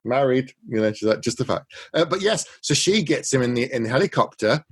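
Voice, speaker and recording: A man's voice: medium pitch, animated, brisk, slightly rough. A man co-hosting a podcast, chatting casually and retelling film scenes with quoted lines. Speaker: podcast co-host. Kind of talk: casual chat.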